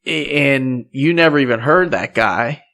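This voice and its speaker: A man's voice: medium pitch, unhurried, vocal fry, fairly bright tone. A man hosting a podcast in easy casual chat, agreeing and laughing along with his guest. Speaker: podcast host.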